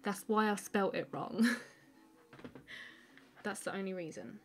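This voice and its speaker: This artist is live-streaming a drawing session, talking in a relaxed, meandering way full of fillers and frequent laughter while reading out viewers' comments and replying. She speaks slowly at a medium pitch, and soft music plays in the background.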